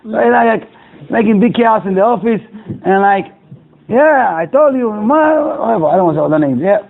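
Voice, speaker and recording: A man's voice: high-pitched, quick pace, creaky. A rabbi telling a moral story to his class in broken English, acting out each character's lines. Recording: tinny, phone-like lo-fi recording.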